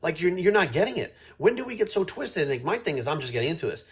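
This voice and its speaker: A man's voice: a little high, very animated, quick pace, husky. A man ranting straight to camera, blunt and heated, swearing freely as he lectures his viewers. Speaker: fitness coach vlogging. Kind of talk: unscripted rant to camera.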